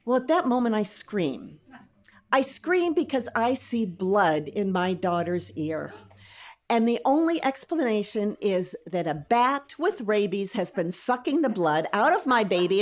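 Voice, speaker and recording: A middle-aged woman tells a personal story on a live stage, acting out every quoted line. Her voice sits a little high and swings widely in pitch, turning dramatic as the tale builds. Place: stage before a live audience.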